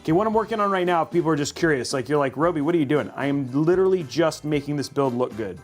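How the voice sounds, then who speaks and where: A man's voice: a little high, animated, quick pace, faint music behind. Chatty man hosting a live build. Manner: chatty, thinks aloud, many restarts. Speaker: host. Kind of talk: casual live commentary while building a PC.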